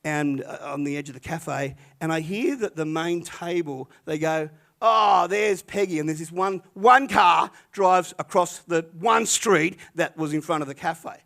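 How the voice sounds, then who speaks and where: Older pastor telling a story. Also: male voice, fairly high pitch, a little slow, vocal fry, few pauses. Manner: animated, chatty storytelling with many restarts. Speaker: retired pastor. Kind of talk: sermon storytelling.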